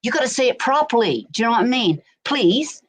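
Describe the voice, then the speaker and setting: A woman's voice: a little high, big pitch swings, racing, rough recording. A middle-aged woman from England with a Berkshire accent, chatting casually on a stream and often asking "do you know what I mean". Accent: English, Berkshire. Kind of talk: casual chat. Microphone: desk mic.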